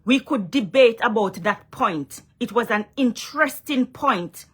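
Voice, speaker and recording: A woman's voice: on the high side, lively intonation, measured pace, breathy edge. A young woman with a Jamaican accent talking straight to camera in a casual vlog, emphatic and repetitive, often checking "you understand?". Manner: emphatic, repeats herself, asks "you understand?". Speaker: vlogger.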